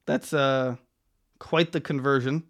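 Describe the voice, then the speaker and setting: A man's voice: mid-range voice, fairly even intonation, slow. A man co-hosting a podcast, chatting casually and rambling with many restarts and laughs. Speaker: podcast co-host.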